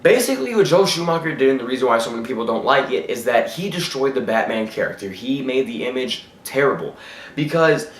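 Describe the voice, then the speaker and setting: A man reviewing a film in a casual, blunt way, ranting and tripping over his words now and then. His voice sits at an ordinary middle pitch. The room around him is echoey. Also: very animated, brisk. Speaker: movie reviewer.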